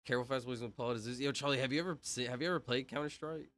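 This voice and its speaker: Young guy on a livestream, bright voice, chatting w chat, faint music behind. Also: mid-range voice, very fast. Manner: talks to chat, reads out names, laughs loudly. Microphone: headset mic.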